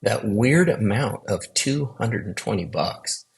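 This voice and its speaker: A man's voice: on the low side, lively intonation, slow pace, vocal fry, rough recording. A man earnestly telling a personal faith story in a conversational way, acting out the dialogue he quotes. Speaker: guest sharing testimony. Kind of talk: storytelling testimony.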